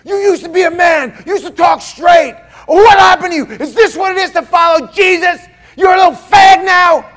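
A man putting on a yelling young street troublemaker. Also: moderate pace, few pauses, some chatter behind. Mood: yelling angrily. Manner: yelling, high-pitched and taunting.

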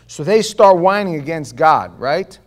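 A man preaching a sermon. He swings between loud, emphatic declarations and quiet, low asides, and he asks the congregation rhetorical questions. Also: lively intonation, unhurried.

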